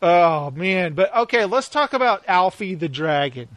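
A man with a fairly high voice riffs sarcastically through a casual chat. He mocks what he watches and keeps the conversation loose. The sound is close and dry, with no room around it. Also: animated, unhurried, a bit bright, no room sound. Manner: sarcastic, mocking, acts out quoted characters in put-on voices. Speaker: podcast co-host. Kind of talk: casual chat reacting to a reality show clip.

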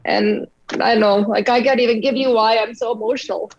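A woman's voice: fairly high pitch, steady tone, a little fast, highs cut off. A woman guest on a talk show, speaking in an emotional, chatty way over a video call. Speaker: guest, business person. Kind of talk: casual talk show conversation.

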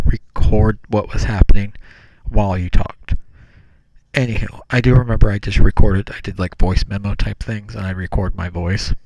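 List: young man, low-pitched, gravelly, dry close sound, rambling podcast talk. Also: darkish tone, dry recording. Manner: meandering, full of fillers and self-corrections. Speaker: podcast host. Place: small room, talking into his hand. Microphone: podcast mic cupped by hand.

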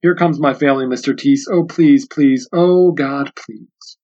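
A frightened teenage boy begs and pleads, voice soft and low. A man reads him out in his own voice. It comes through a muffled, lo-fi recording. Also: unhurried. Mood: pleading. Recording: dull lo-fi sound.

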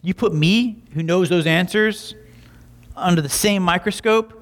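A young adult man preaching a sermon, telling stories with lively voiced asides. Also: sits high, measured pace. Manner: animated storytelling with voiced asides. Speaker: pastor.

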